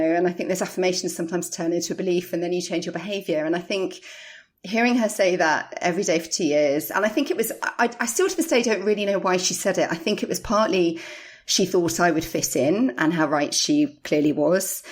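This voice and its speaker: Candid, lively woman retelling her career. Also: on the low side. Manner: candid, animated, lively retelling with quoted voices. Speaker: podcast guest. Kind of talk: interview storytelling.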